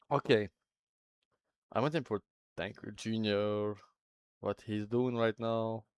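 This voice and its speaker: A man's voice: lowish voice, slow, clear, resonant tone, dry recording. A man hosting a livestream, chatting casually with his viewers in a rambling, self-interrupting way and sounding a little anxious. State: a bit anxious. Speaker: livestream host.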